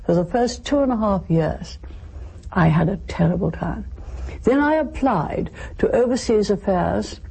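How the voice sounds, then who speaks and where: Old British woman leader, a male host's impression: mellow, gravelly, resolute, measured oratory. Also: sits high, expressive, pitched above the performer's own voice, heavily acted, poor audio. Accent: British, put on. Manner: slow, measured, emphatic oratory. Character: elderly woman former prime minister, firm and resolute. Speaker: radio host doing an impression.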